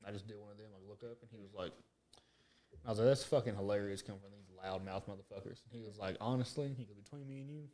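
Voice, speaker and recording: This man speaks at a fairly low pitch and a fast clip while co-hosting a podcast. Swearing freely in loose conversation, he spins a story and performs each quote with gusto.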